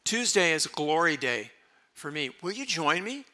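A pastor delivers a sermon to his congregation in a church sanctuary, with a strikingly bright, ringing tone that sits a touch high for a man. He talks conversationally, joking with the room one moment and dropping to a hushed, earnest hush the next. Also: big pitch swings, measured pace.

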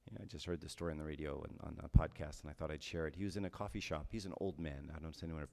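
Deep-voiced priest in a reverberant hall. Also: male voice, steady tone, very fast, vocal fry, a little mellow. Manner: conversational, often tags with "right?". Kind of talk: homily.

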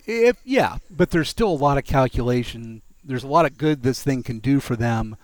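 A man hosting a relaxed tech podcast, wry and joking in his delivery. His voice sits at an ordinary middle pitch. The recording is dry, with little room sound. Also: moderate pace, no echo. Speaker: podcast host. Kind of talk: casual tech podcast chat.

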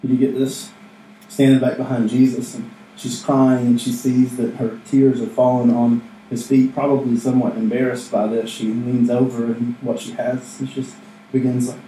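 A man's voice: mid-range voice, level tone, moderate pace, warm tone, a little hiss or hum. A man preaching a casual, conversational sermon as a pastor, joking with the room and acting out little asides. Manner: conversational, jokey, acts out asides. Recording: echoey room, mic from a distance.

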